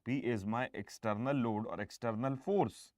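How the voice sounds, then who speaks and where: A man's voice: medium pitch, normal speed, darkish tone, dry recording. Emphatic Indian man teaching engineering. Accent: Indian English. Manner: emphatic teacher, frequent checking "right?" and "okay?". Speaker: engineering exam lecturer. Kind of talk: online classroom lecture.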